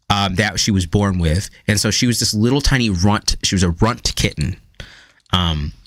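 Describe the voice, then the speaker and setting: A man hosting a live stream, chatting casually with viewers in a loose, profane, animated storytelling manner. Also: low-pitched, no echo. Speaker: live stream tarot reader.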